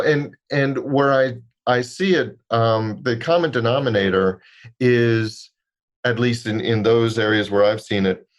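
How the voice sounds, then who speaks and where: A man's voice: mid-range voice, muffled recording. A man co-hosting a podcast, telling stories in a wry, joking casual chat. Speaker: podcast co-host.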